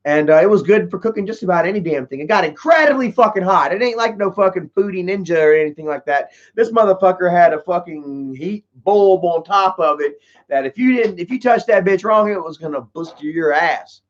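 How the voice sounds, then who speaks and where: A man with a high-pitched voice hosts a casual livestream, rambling through a story with heavy swearing and constant filler. The audio is dull and lo-fi, like a basic stream mic. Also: lively intonation, brisk. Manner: rambling, heavy swearing, frequent "you know" and "bro". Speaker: livestream host answering chat.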